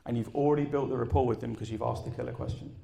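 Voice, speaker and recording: A man speaking at a live event, telling a story and asking his audience questions in an energetic way, then taking questions. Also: medium pitch, very fast, creaky. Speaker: conference speaker. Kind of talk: live talk and Q and A.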